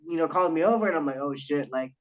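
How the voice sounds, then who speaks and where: Racing through his words in a higher voice, a young man who wrestles tells a story as a podcast guest. He's an animated storyteller, cursing freely and quoting other people's lines, all in dull lo-fi audio.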